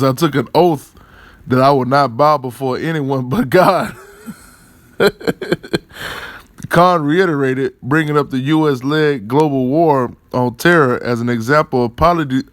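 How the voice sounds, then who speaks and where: A man's voice: mid-range voice, a bit bright, dry recording. Rambling profane man, dry sound. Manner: profane, rambling, keeps repeating tag questions and fillers; chuckles often while talking. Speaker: religious commentator. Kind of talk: rambling commentary on news articles.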